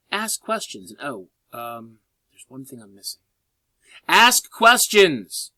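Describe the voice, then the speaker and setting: A man teaching a college English class in a recorded lecture, lively and chatty, with sarcastic joking asides. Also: on the high side, no echo.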